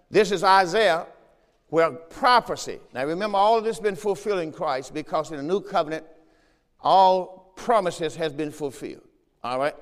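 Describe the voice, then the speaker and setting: A man's voice: a little high, fairly bright tone, in a large hall. A man preaching a sermon as pastor, reading scripture aloud and checking in with the congregation. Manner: preaching with call-and-response asides; reads scripture aloud in a raised voice. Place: church.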